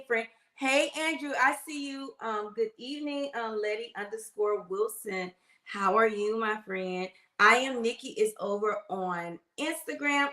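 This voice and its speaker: Woman nurse going live on her phone, lotta y'all, chatty, roomy echo. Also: on the high side. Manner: chatty, warm greetings, uses y'all. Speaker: nurse and livestream host. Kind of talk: casual livestream chat greeting viewers. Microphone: phone livestream.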